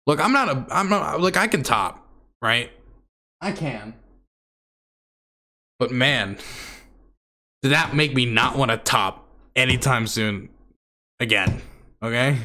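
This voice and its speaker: A man's voice: medium pitch, animated, slow, pauses often, bright, forceful tone. A man telling a story to his stream audience in a candid, exasperated, rambling way full of fillers.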